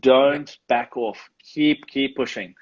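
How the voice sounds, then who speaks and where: A man's voice: mid-range voice, takes it slowly, vocal fry. South African man chatting over dull audio. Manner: chatty, laughs often, restarts sentences. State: coughing, clearing throat. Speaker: guest photographer. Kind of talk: casual live chat.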